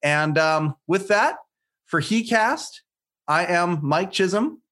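A man's voice: high-pitched, expressive, slow, a bit bright. A man hosting a podcast interview, thanking his guest and praising him effusively. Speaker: podcast host.

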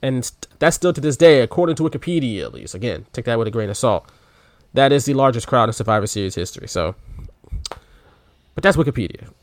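A man's voice: mid-range voice, fast, dry recording. Chatty man on a dry podcast mic. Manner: relaxed, offhand, with many "like" and "uh" fillers. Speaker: podcast co-host. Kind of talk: casual chat.

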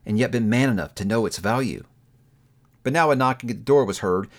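Male reader, classic novel aloud, expressive, animated pitch, ordinary mid register. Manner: expressive storytelling with rising emphasis on lists. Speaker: audiobook reader.

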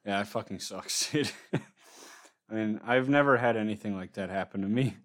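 A young man chats casually with a friend. He talks bluntly and swears freely, in a fairly low voice. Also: normal speed, fairly bright tone. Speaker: friend in a chat. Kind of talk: casual chat.

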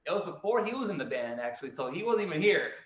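A band frontman and podcast host with a higher, very animated voice tells a long, rambling band story at a quick pace, restarting often and acting out what people said. The recording is reverberant.

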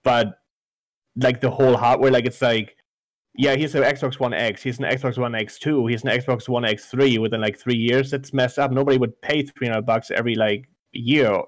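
A man's voice: mid-range voice, steady tone, moderate pace, no room sound. A man chatting casually about video games, loose and full of fillers, swearing freely. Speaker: podcast co-host. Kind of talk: casual gaming chat.

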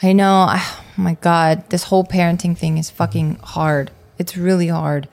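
A woman's voice: on the low side, level tone, moderate pace, creaky, a little mellow. Woman, podcast co-host, casual chat, swears, lots of fillers.

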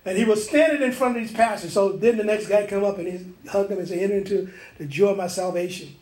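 A man's voice: high-pitched, fast talker, a little mellow, roomy sound. A man preaching, telling a dream as a story and acting out the voices and sounds in it. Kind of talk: sermon testimony.

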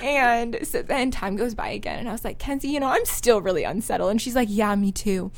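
A woman's voice: fairly high pitch, fairly quick, creaky. A young woman co-hosting a podcast, telling a story in a chatty, giggly way with lots of filler words. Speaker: podcast co-host. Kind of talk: casual storytelling chat.

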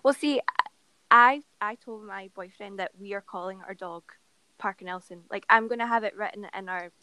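A woman's voice: mid-range voice, moderate pace, bright, forceful tone, no echo, poor audio. A woman co-hosting a podcast, chatting casually and playfully about a book, laughing often. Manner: giggly, playful. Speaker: podcast co-host.

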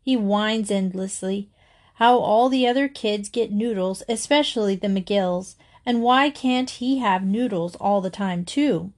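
A woman's voice: mid-range voice, measured pace, lightly acted. A woman reading aloud and voicing a worried, exasperated mother in a storybook. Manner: fretful, exasperated. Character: worried mother of a picky-eating boy.

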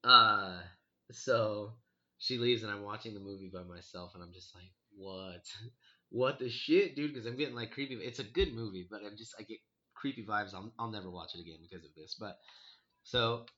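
Young guy, bright forceful tone, casual storyteller, swears, acts out his reactions; slightly muffled recording. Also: on the low side, fairly quick. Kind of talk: casual chat, telling a ghost story.

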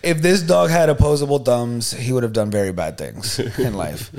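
A man co-hosting a podcast, telling a story in a lively, slangy way and often asking "you know what I mean". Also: medium pitch, normal speed. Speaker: podcast co-host. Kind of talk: casual storytelling chat.

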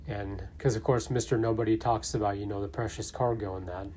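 A man's voice: on the low side, steady tone, brisk, warm tone, a little hiss or hum. A man casually narrating and commenting on his own fan theory, thinking aloud with fillers. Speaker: fan theory video maker.

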